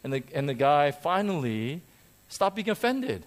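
A man preaching a sermon in a church to a congregation, animated and self-deprecating, joking and repeating phrases for emphasis. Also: a little high, a little slow. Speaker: pastor.

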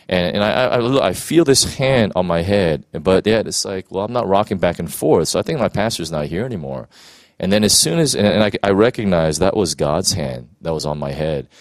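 Brief: an earnest pastor sharing his story, lower voice swinging up and down with feeling. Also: animated, brisk, no room sound. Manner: emotional, earnest, many restarts and "you know"s. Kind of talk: personal testimony in conversation.

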